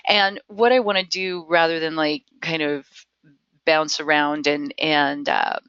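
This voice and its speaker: A woman leading a live software training webinar, chatty and enthusiastic, with frequent ums and restarts. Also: deep voice, steady tone, unhurried, smooth, dry recording. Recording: dry, slightly dull web-call audio.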